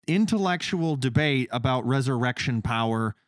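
A man of medium pitch co-hosting a podcast and talking casually about faith. He explains eagerly and slips into little voices for the people he quotes. His voice sounds dry, with no room around it. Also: normal speed, no echo. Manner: animated, acts out quoted speakers in his retelling. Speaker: podcast co-host.

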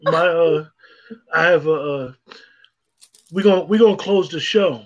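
A man hosting a casual chat show, halting and full of fillers as he jumps in. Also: on the high side, muffled recording.

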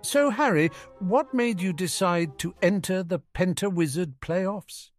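A man voicing a sugary, prying woman reporter in an audiobook reading, his voice pushed well up into a high register. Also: measured pace, soft background music. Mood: gushing. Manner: gushing, prying. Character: scheming female reporter, sugary and nosy.

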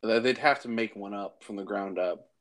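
A man's voice: lowish voice, moderate pace, fairly bright tone. A man co-hosting a casual podcast, easily bringing up news items with ums and uhs. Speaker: podcast co-host. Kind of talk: casual chat.

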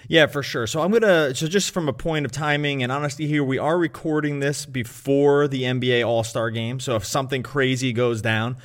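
A man's voice: mid-range voice, steady tone, brisk, hardly any pauses. A man co-hosting a sports podcast in casual chat, rambling and correcting himself as he goes. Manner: rambling, self-correcting, chuckles. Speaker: podcast co-host, betting analyst.

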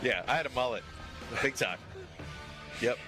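A man, a regular on a radio show, telling a story in an animated way and acting out the quotes. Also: mid-range voice, moderate pace, music in the background.

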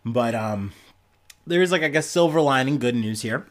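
A man's voice: medium pitch, expressive, moderate pace, fairly bright tone. A young man hosting a podcast, giving casual, profane, sarcastic news commentary and often laughing. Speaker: podcast host.

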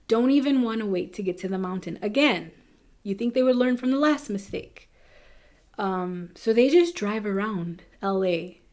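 A woman walks through a grim case in loose, conversational storytelling. She talks in an easy, even voice, throwing in quick asides and restarts as she goes. She sounds like a podcast host chatting with a friend. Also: mid-range voice. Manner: chatty, fast asides with nervous laughs. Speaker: true crime podcast host. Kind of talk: casual storytelling.

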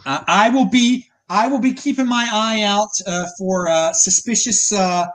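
A man's voice: sits high, measured pace. A man hosting a casual podcast, joking around with his guests and often restarting his sentences. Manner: joking, animated, many restarts. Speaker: podcast host.

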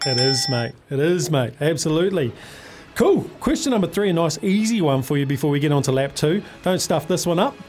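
A man's voice: a little high, expressive, fairly quick, over music. A man hosting a radio sports quiz, chummy and upbeat, calling callers mate. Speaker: radio sports show host.

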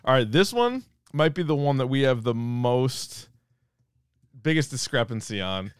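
A man co-hosting a podcast, retelling comedy sketches with animated energy and casual swearing. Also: medium pitch, unhurried, clear, resonant tone, no echo, studio quality. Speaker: podcast co-host. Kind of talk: casual chat.

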